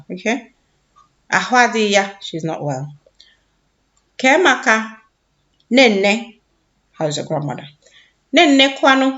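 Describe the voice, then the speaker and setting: A woman teaching a children's language lesson, saying each word slowly and repeating it for learners to echo. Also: medium pitch, a bit bright, dull audio.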